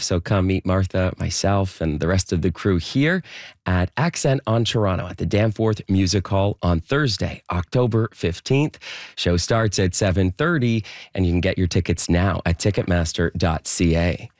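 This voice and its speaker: Morning radio host, male, low voice, dry studio sound, brisk delivery. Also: darkish tone, dry recording. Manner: brisk, conversational. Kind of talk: radio hosting. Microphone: studio microphone.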